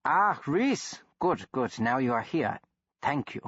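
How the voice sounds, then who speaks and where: Old gentleman scholar of monster lore, formal and grave; a male reader doing the voice, muffled dry audiobook sound. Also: medium pitch, very animated, takes it slowly, breathy edge, no room sound, voice pushed up, full character voice. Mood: hearty. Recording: dull, dry studio recording.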